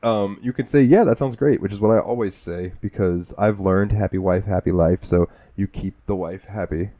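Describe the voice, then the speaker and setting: A man's voice: low voice, normal speed, warm tone, no echo. A man co-hosting a casual gaming podcast, laughing often and retelling the game with quoted voices. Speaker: podcast co-host.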